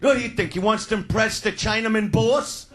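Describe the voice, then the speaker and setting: A man doing crude, loud stand-up comedy, shouting his punchlines. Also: high voice, brisk. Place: comedy stage before a live audience.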